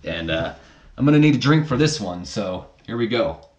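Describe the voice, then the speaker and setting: A man's voice: on the low side, lively intonation, moderate pace, darkish tone, lo-fi sound. Male host, casual game commentary, rambling and self-correcting. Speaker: let's play host.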